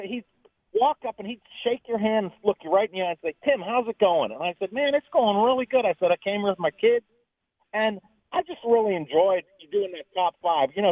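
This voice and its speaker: A man's voice: high voice, dry recording. A man from Pittsburgh calling a radio show and telling a chatty story. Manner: chatty, storytelling, laughs along. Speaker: caller. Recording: phone line.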